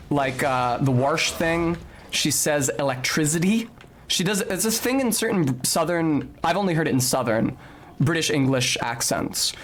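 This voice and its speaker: Slightly high-voiced, a young man streams a video game with a little background noise. His running commentary is casual and articulate with an academic flavor, though he erupts into swearing and yelps now and then.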